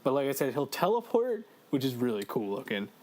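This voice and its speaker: A man co-hosting a podcast in casual chat, excitable, swearing and laughing as he talks through a game. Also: mid-range voice, fairly quick. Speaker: podcast co-host.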